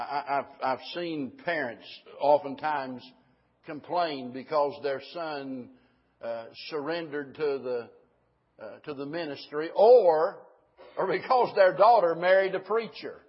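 A preacher with a high, husky male voice delivers a sermon, swinging between easy asides and fervent, emphatic peaks. The recording is dull and lo-fi, as if taped in a church.

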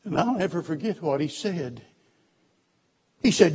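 A male pastor with a husky, slightly breathy voice set a bit higher than most men's. He preaches with strong emphasis, dropping into hushed storytelling and then climbing back to loud, pressing declarations. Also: expressive, slow pace, pauses often. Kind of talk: sermon.

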